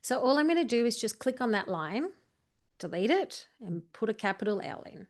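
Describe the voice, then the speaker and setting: A woman's voice: fairly high pitch, sing-song, a little fast. A woman coaching a video editing tutorial, chatty and walking through each step while correcting herself as she goes. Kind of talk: screen-share editing tutorial.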